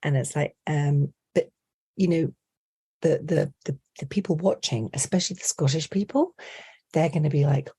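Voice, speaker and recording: A British woman with a low, slightly rough voice talks at a normal speed, chatty and animated. She's a guest on a casual podcast, working as an accent and dialect coach, and tells stories that slip into accent impressions.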